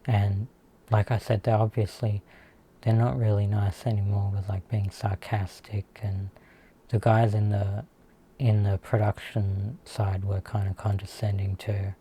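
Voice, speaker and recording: A man's voice: lowish voice, level tone, unhurried, warm tone, a little hiss or hum. A man with an Australian accent talking through his work troubles in a casual vlog monologue, hesitant and full of fillers, sounding aggrieved. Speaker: vlogger.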